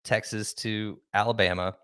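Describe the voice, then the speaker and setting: A man hosts a podcast in a relaxed chat, his throat irritated so he keeps clearing it. He asks the guest several questions in quick bursts. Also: lowish voice. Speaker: podcast host and interviewer. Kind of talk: casual conversation.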